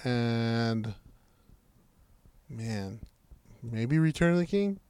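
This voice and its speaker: A man's voice: medium pitch, expressive, drawn-out words, darkish tone, clear, resonant tone, no echo. A man in casual, profane banter who rambles through stories with many fillers.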